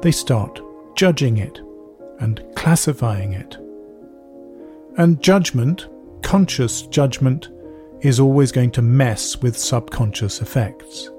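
A man's voice: mid-range voice, a little mellow, faint music behind. Thoughtful man hosting a podcast. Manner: thoughtful, explanatory, measured. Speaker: podcast host. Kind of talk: scripted podcast narration.

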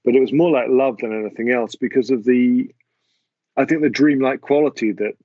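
An English man, a music producer, answering interview questions in a halting way with many restarts. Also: mid-range voice, warm tone, dry recording, dull audio. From England. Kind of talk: casual interview talk.

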